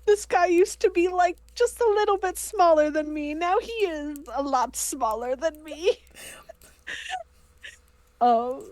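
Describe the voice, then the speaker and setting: A woman's voice: extremely high pitch, slow pace, darkish tone, no room sound. A woman chatting casually on a livestream, emotional and rambling with lots of fillers. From United States. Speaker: co-host.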